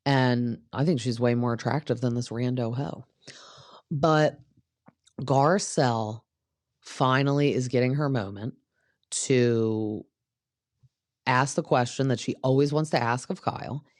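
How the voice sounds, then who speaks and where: A woman's voice: rumbling low, a little slow, pauses often, darkish tone, no room sound, studio quality. A young woman hosting a casual recap show, chatty and opinionated, acting out what people said. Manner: chatty, opinionated, acts out quotes. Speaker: podcast host recapping reality TV. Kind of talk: casual chat.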